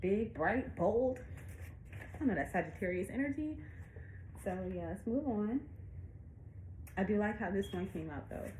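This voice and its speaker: A woman's voice: medium pitch, expressive, a little slow, long pauses, a little mellow, a little hiss or hum, rough recording. A woman illustrator walking through her picture book in a casual, chatty way, out of breath and laughing often.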